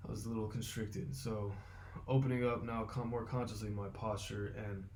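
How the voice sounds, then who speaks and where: A man talking through his vocal warm-up routine, explaining step by step and thinking aloud with fillers. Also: fairly low pitch, flat delivery, normal speed, a little hiss or hum. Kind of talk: casual instructional vlog.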